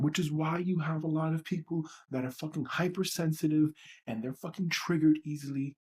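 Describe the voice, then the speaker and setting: A man with a husky, somewhat breathy voice hosts a livestreamed self-help session. He talks bluntly and swears freely, venting with raw emotion straight into a close mic. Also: fairly high pitch, a little fast, a little mellow. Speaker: host of a tapping session.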